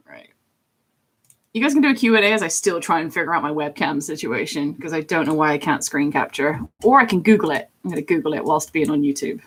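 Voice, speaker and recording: Young woman, live streamer, slightly low voice, chatty, giggly, self-deprecating. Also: lively intonation, normal speed, a bit bright, husky. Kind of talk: casual live-stream chat, answering viewer questions.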